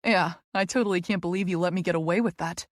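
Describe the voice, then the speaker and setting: A woman's voice: fairly low pitch, fast, dry recording, natural voice. Woman playing a bossy, sassy best friend in a storybook, dry close sound.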